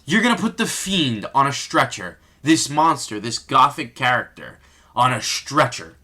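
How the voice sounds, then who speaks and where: A man's voice: mid-range voice, sing-song, a little slow, bright, forceful tone. A man giving an unscripted, exasperated rant as a vlogger recapping a wrestling match, full of rhetorical questions.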